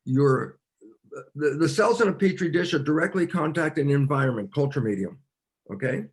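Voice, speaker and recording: A man, a cell biologist, explaining ideas in an interview as an animated storyteller, with frequent restarts and filler words. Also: a little high, a little fast, slightly rough.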